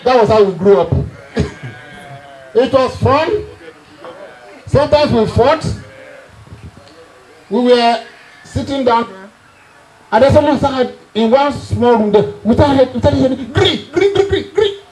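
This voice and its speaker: High-voiced Nigerian man telling family stories. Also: slow, long pauses, darkish tone, a little hiss or hum, rough recording. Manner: chuckling storyteller, teasing the audience. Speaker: family member speaking at a reunion. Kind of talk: humorous anecdotal speech.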